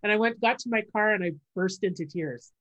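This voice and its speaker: A woman hosting a casual interview, speaking softly and affirming often, sharing her own story. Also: mid-range voice, a little fast, lo-fi sound. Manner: soft, affirming, frequent backchannels.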